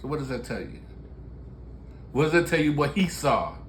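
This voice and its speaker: Speaking at a moderate pace in a sing-song, mid-range voice, a musician and show host from Baltimore in his sixties tells candid, jokey stories with frequent laughter. There's a little hiss or hum.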